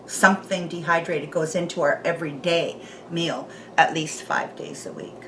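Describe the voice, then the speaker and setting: In her home kitchen, a woman running a homestead cooking channel laughs and chats casually, chewing as she talks over background music. Her voice is low-pitched but a bit bright, with a steady tone and moderate pace, plus a slight hiss or hum.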